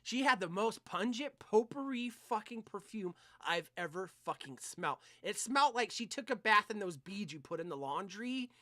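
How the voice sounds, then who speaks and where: A man's voice: high voice, moderate pace, few pauses, no room sound, clean studio sound. A young man co-hosting a podcast, telling a rambling, profane story in casual chat. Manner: profane, animated, rambling anecdotes. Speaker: podcast co-host.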